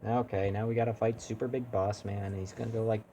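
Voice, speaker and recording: A man's voice: on the low side, flat delivery, fast, warm tone, slight background noise. A man streaming a video game, chatting casually and critiquing his own attempts at doing voices. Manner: rambling, self-deprecating. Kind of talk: casual gaming stream chat.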